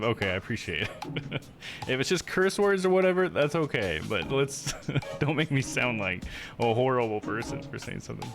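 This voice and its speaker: A young man chats casually while streaming a game, easygoing and quick to poke fun at himself. His voice sits slightly low. Game music runs clearly underneath. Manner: laid-back, self-deprecating, laughs often. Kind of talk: casual live-stream chat.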